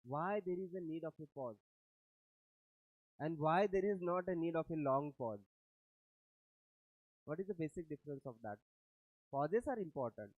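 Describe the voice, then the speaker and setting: A male lecturer with an Indian English accent explains points step by step, often asking his class whether they understand. His voice sits a little high. The recording is dry and tinny, close to a phone line. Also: no room sound.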